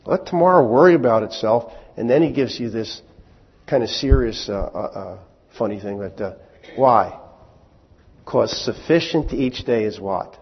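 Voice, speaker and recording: A man's voice: lowish voice, unhurried, gravelly, breathy edge. A pastor in his sixties preaching a sermon, stumbling over and repeating words with folksy asides. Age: 60s. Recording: dull sound with long hall reverb.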